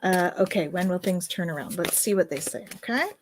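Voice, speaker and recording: A woman's voice: on the low side, fairly quick, noisy background. A woman hosting a live card reading, speaking reassuringly and often checking in with "okay?" as she gives advice. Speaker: host and card reader.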